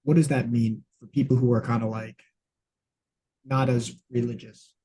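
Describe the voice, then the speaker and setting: Husky-voiced man hosting a podcast. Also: mid-range voice, little pitch movement, moderate pace, warm tone, poor audio. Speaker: podcast host. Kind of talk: conversational interview.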